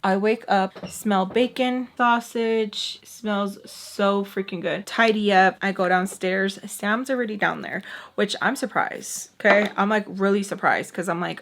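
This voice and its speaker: A woman's voice: medium pitch, measured pace. A young woman recounting a personal story in a casual storytime vlog. She talks in a loose, chatty way, peppered with "like". She slips into quoted dialogue and curses without holding back. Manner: chatty, full of "like", acts out quoted dialogue, swears freely. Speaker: vlogger telling a personal story.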